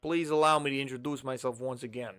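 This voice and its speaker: A man's voice: mid-range voice, steady tone, a bit bright, clear, resonant tone, lightly acted. A man reading as a stiff formal secretary. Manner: formal, stiff, deliberate delivery. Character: formal male corporate secretary, polite and measured. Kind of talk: reading game dialogue aloud.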